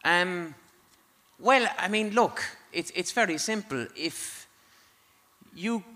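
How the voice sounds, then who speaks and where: A man's voice: high-pitched, animated, slow, bright, forceful tone. A man hosting a live podcast on a theatre stage before an audience, sweary and jokey. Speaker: podcast host.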